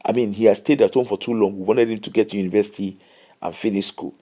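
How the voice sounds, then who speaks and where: A man's voice: on the low side, steady tone, quick pace, dark tone. A tired man with a Nigerian accent hosting a late live show, giving casual commentary and advice in English mixed with Pidgin.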